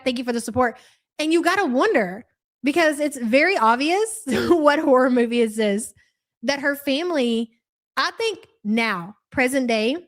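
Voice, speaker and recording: A young woman hosting a live reaction stream, talking bluntly and swearing freely. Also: sits high. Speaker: livestream host.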